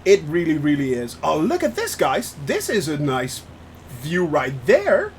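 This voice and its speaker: Young male streamer from the Netherlands, high voice, effusive and giggly, faint hum behind. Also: wildly swooping pitch, unhurried. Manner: effusive, laughs often, repeats phrases. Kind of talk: live-stream chat while flying a sim.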